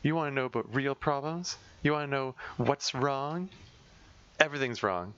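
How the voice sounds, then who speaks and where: A man's voice: medium pitch, moderate pace, a bit bright, clean tone, dull audio, voice pushed up, close to an everyday voice. A man voicing a desperate, sardonic teenage girl who leads a club, talking in a bitter, rambling, self-mocking way.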